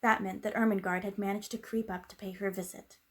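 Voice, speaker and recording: Gentle woman reading a storybook aloud. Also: mid-range voice, little pitch movement, fast talker. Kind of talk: reading a children's book aloud.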